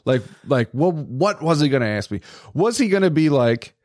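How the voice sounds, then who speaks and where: A man's voice: fairly high pitch, fairly quick, few pauses, dry recording, clean studio sound. A man co-hosting a podcast, talking politics casually with lots of swearing and laughter. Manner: profane, animated, laughs often. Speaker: podcast co-host.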